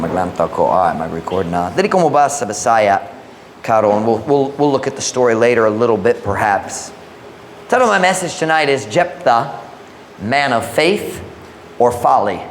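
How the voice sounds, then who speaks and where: A male pastor reading scripture, praying and preaching a sermon in a church, switching between English and Visayan with slow, emphatic phrasing. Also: medium pitch, slight background noise. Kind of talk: sermon, Bible reading and prayer.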